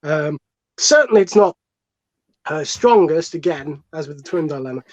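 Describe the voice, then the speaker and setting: A man's voice: fairly high pitch, animated, moderate pace, dry recording. A man, a comedian on a comic podcast, arguing his case in a rambling, digressive way with plenty of swearing. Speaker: comedian panelist. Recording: dull lo-fi dry sound.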